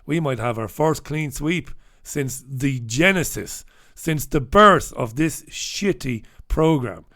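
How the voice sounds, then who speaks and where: A middle-aged British man hosts a casual livestream, reading through the papers and greeting viewers with irreverent, sweary humor. His voice sits at a medium pitch with lively intonation, and he speaks slowly in a bright, forceful tone.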